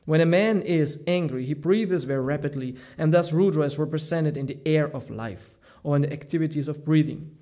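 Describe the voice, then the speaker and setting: Man, English, scripture reading and commentary, halting, slightly high pitch. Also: dark tone. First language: German. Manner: halting, thinks aloud, searches for words. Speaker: scripture class teacher.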